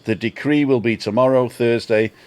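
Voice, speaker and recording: A man's voice: mid-range voice, fairly even intonation, moderate pace. Older man rambling through a story. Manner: rambling storyteller, chuckling, self-mocking. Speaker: vlog co-host. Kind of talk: casual chat on a live stream. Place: home balcony.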